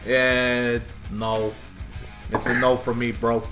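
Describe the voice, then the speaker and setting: A man's voice: mid-range voice, level tone, slow, over music. A man co-hosting a podcast in casual chat, wry and self-mocking. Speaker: podcast co-host.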